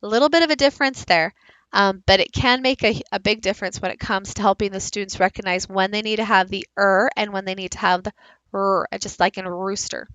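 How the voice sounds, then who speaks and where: A woman giving a recorded teaching presentation, explaining slowly and modelling speech sounds aloud. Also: medium pitch, fairly bright tone, no echo, highs cut off. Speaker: teacher leading a book study.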